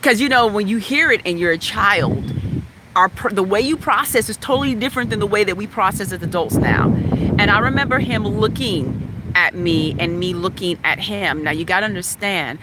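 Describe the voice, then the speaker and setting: A woman from West Virginia frankly telling a personal story in a chatty, animated way. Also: medium pitch, moderate pace, heavy background noise. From West Virginia, USA. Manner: frank, animated, chatty, laughs now and then.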